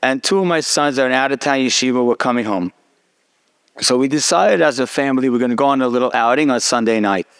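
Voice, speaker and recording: A man's voice: medium pitch, fast, a bit bright, clear, resonant tone. A middle-aged man, a rabbi, telling a personal story in a sermon and acting out the dialogue. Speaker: rabbi giving a talk.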